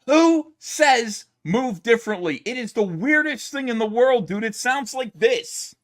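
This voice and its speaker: A man streaming his reactions to videos, yelling and swearing in an exasperated rant from home. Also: very high voice, expressive, measured pace. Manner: loud, exasperated, profane yelling. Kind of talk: angry commentary rant. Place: home, downstairs.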